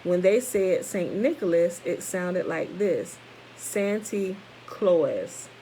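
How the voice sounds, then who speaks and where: Woman with a low, warm voice reading aloud, chatty side comments, trips over words now and then. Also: unhurried, a little hiss or hum, low-quality recording. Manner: reads steadily, breaks off for informal comments to listeners; stumbles over words and corrects herself. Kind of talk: reading a text aloud with casual asides.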